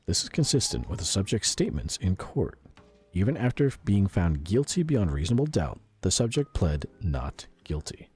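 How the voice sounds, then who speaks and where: A man's voice: low-pitched, big pitch swings, moderate pace, a little mellow, breathy edge, faint music behind. A man in his thirties reading a document aloud on a stream, breaking off into joking asides. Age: 30s.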